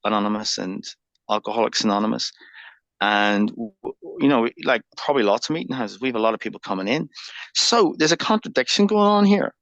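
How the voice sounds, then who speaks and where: A man's voice: fairly low pitch, vocal fry, fairly bright tone, no echo. A man, a podcast guest who muses and thinks aloud in reflective conversation. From Northern Ireland.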